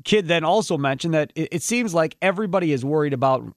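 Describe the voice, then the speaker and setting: A man's voice: on the high side, lively intonation, fast, dry recording, studio quality. A man hosting a sports radio show, talking casually and rambling with restarts.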